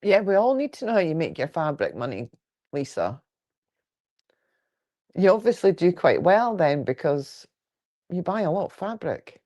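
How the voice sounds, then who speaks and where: A woman's voice: fairly low pitch, sing-song, moderate pace, pauses often, dark tone. A woman with a Fife Scottish accent, chatting casually and frankly on a quilting livestream at home, rambling and joking while answering viewer comments. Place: at home indoors.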